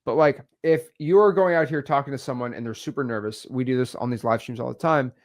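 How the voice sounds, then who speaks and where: A man coaching on real estate wholesaling, energetic and repetitive, acting out example calls. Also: mid-range voice, fairly quick. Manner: energetic, repeats words, acts out examples. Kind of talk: teaching talk on video.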